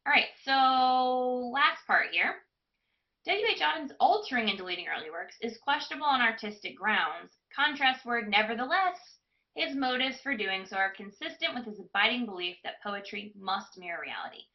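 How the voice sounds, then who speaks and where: A woman's voice: on the high side, lively intonation, normal speed. Woman tutor, dull lo-fi audio. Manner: reads a passage aloud, stopping to pose questions to students. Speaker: test prep tutor. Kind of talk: live online class walkthrough.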